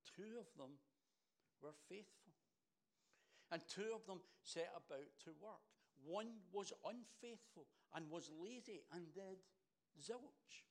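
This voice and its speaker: A man preaching a sermon, his voice gravelly and pitched a little high. He speaks with animated energy, stumbling over repeated words as he warms to his point. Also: takes it slowly.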